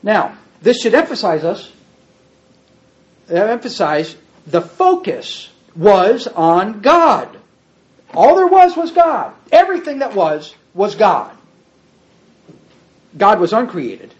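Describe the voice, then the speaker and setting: Preacher, folksy sermon with slides, animated pitch, dull lo-fi recording. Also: takes it slowly, pauses often. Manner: folksy, talks to the congregation as "folks"; pointing at pictures while explaining.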